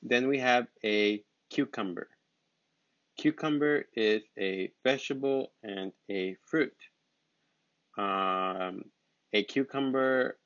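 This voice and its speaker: Slow, patient man teaching words. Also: mid-range voice, fairly bright tone, dry recording. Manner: repeats words slowly and patiently. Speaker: English teacher. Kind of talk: slow, simple vocabulary lesson. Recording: dull, lo-fi sound.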